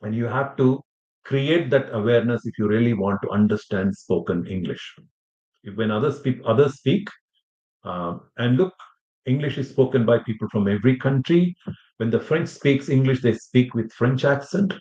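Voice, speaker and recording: A man's voice: mid-range voice, normal speed, darkish tone. A man giving a classroom lecture, rambling with many fillers and restarts and checking in with his students. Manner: addresses students with questions. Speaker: language teacher. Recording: echoey room, muffled sound.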